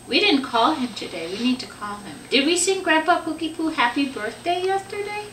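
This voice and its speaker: A woman's voice: high-pitched, expressive, a little fast, hardly any pauses, background noise. A young woman, a parent, patiently quizzing her small child on animal sounds in a home video, in a sing-song questioning way. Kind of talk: home video, coaxing a toddler. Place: home living room. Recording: roomy home camcorder sound from a distance.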